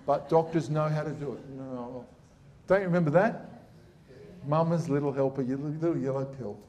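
A man's voice: fairly high pitch, normal speed, mellow, muffled recording. A middle-aged man, a surgeon giving a blunt, sarcastic public talk.

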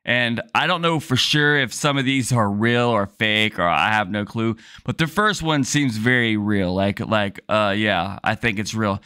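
A man hosting a compilation video, giving relaxed, slightly hesitant reaction commentary. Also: fairly low pitch, unhurried, few pauses, smooth, dry recording, studio quality. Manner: relaxed, hesitant, chuckling asides.

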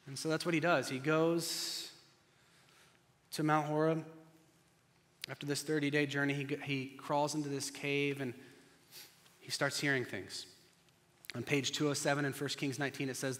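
A male pastor preaching a sermon, telling the story dramatically and swinging between loud and hushed delivery. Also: fairly high pitch, level tone, moderate pace, pauses often. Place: church sanctuary. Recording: long church reverb.

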